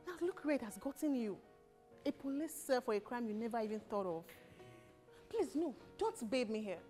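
A woman's voice: a little high, big pitch swings, normal speed, mellow, faint music behind. An actress playing a protective woman who scolds sharply in a drama. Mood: scolding. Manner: confrontational, scolding. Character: protective woman scolding over her brother.

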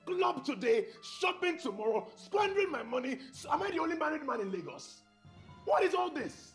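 A man plays a hot-tempered husband who yells, stammers and sneers at his wife's friends. His pitch swings wildly from low growls to high shouts, and soft music plays behind him. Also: wildly swooping pitch, moderate pace. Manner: yelling, stammering repeats, sarcastic. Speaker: controlling husband in a comedy skit.

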